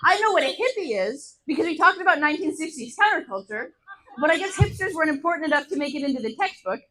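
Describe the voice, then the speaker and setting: A young woman in her teens performing a stand-up set on a bar stage, telling deadpan stories that jump to loud punchlines. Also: high voice, fast talker, rough recording. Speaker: stand-up comedian.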